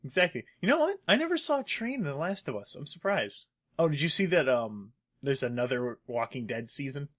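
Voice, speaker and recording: Casting: man, podcast co-host, mid-pitched, bright tone, loose rambling delivery. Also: big pitch swings, fairly quick. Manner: rambling, hesitant, with fillers and swearing. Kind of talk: casual gaming podcast chat.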